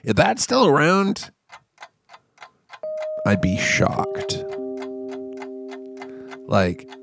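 A man's voice: fairly high pitch, wildly swooping pitch, extremely slow, over music. A man hosting a podcast, riffing crudely in a rambling, casual comedic monologue. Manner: crude, rambling, riffing with silly put-on voices. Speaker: podcast host.

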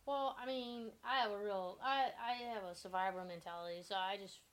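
A woman's voice: mid-range voice, steady tone, fairly quick, rough recording. A woman co-hosting a podcast, speaking earnestly and sincerely in casual chat. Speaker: podcast co-host.

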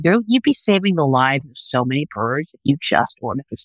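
A middle-aged woman, a food TV producer, telling a lively story as a podcast guest on a remote call. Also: sits low, fairly quick, hardly any pauses, no room sound, poor audio. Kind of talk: casual podcast interview.

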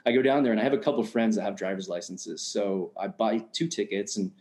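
Slangy laid-back man, low voice. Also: a little fast, a little mellow. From United States. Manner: constant fillers like "you know what I mean". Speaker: storyteller. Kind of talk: casual storytelling. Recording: roomy echo.

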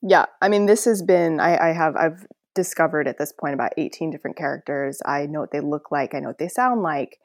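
A woman speaking as a podcast guest in casual storytelling, animated and laughing often as she acts out voices. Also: sits low, brisk, few pauses, dry recording, clean studio sound.

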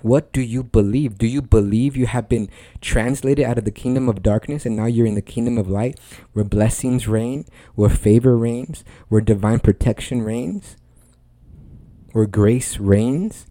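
A man's voice: mid-range voice, a little slow, mellow, no room sound. A man hosting a Christian podcast, preaching in a conversational way with earnest emphasis and repeated phrases.

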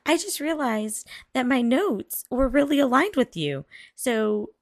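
A woman co-hosting a casual chat about a TV series, emphatic and quick to laugh. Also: sits high, sing-song, no room sound, studio quality. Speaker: podcast co-host.

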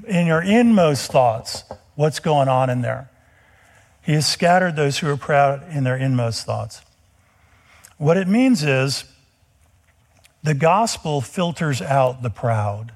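Male pastor, high voice, energetic storyteller who acts out the scenes in a sermon. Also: slow. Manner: animated storytelling, acting out dialogue.

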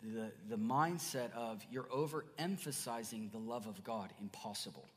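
A man preaching a sermon as pastor, earnest, dropping to soft murmurs then rising to emphatic bursts. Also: medium pitch, normal speed. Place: church sanctuary. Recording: church hall reverb.

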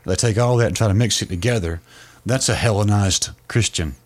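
Male podcast co-host, low voice, a casual storytelling explainer who often restarts his sentences. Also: a little fast, darkish tone.

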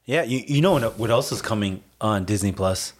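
Low-voiced man in relaxed chat. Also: a little fast. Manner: relaxed, asks questions, hesitant fillers. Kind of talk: casual chat.

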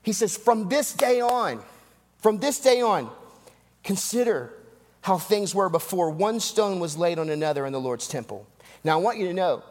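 A man preaching a sermon, emphatic and repetitive, with rhetorical asides and dramatic drops in voice. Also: high-pitched. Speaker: pastor. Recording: long hall reverb.

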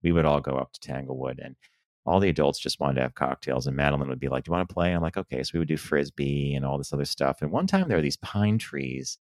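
A middle-aged man co-hosting a casual chat show, telling stories with animated acted-out quotes. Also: rumbling low, fast, dry recording, clean studio sound. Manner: animated storyteller, acts out quotes. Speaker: podcast co-host.

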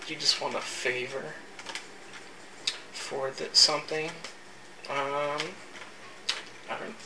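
A player in a tabletop game, talking in a hesitant, halting way. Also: medium pitch, distant mic. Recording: roomy echo, audible background hiss.

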